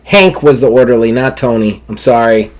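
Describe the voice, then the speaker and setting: A man's voice: medium pitch, moderate pace. A man narrating a tabletop game as game master, rambling with many fillers and restarts.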